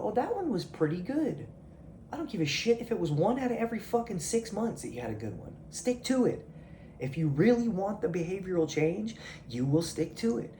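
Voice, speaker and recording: Man, confrontational swearing rant, mellow dark voice, echoey room. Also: on the high side, a little hiss or hum. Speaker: video creator. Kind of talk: profane motivational rant.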